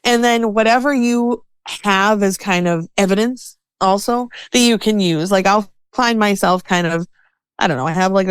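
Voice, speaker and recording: Woman guest on a podcast, lively chatty way of talking, smooth clear voice, dry close mic. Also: on the low side, dry recording. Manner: animated, acts out inner voices in quotes. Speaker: podcast guest, self-care expert. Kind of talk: conversational interview.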